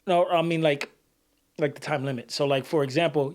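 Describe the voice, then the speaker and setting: A man co-hosting a casual podcast, animated, swearing freely and acting out heated examples. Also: on the high side, brisk. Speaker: podcast co-host. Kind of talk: casual conversational podcast talk.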